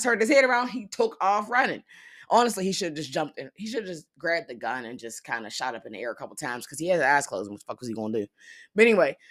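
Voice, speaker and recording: A young woman casually recapping a TV episode, animated and profane, acting out characters' lines in paraphrase. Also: sits low. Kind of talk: casual storytelling commentary.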